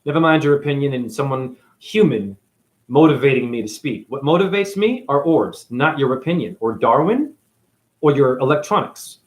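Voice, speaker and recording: A man from New England giving a profane, sarcastic monologue to camera, swinging between loud outbursts and near-whispers. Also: mid-range voice, expressive, moderate pace. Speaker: spiritual video host.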